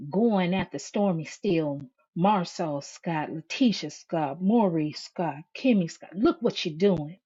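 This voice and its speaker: A woman's voice: medium pitch, darkish tone, highs cut off. Fired-up woman livestreamer calling everyone baby. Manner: confrontational, keeps calling listeners "baby". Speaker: livestream host reading viewer comments. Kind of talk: heated live commentary.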